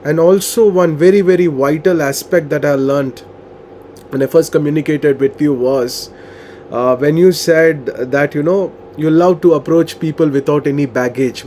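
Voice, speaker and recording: A man in the interviewer's seat asks long, earnest questions and winds his way through them with frequent fillers. His voice sits a little higher than most men's. Faint ambient noise runs under the recording. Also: normal speed, mellow. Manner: earnest, many fillers like "you know" and "uh". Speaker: interviewer and coach.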